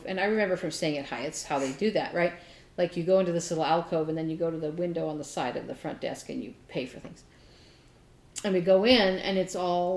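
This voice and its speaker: A woman co-hosting a craft podcast, telling a story in a chatty, animated way with lots of fillers. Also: fairly low pitch, echoey room. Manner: chatty, animated retelling with many fillers and laughs. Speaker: podcast co-host. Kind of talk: casual storytelling chat.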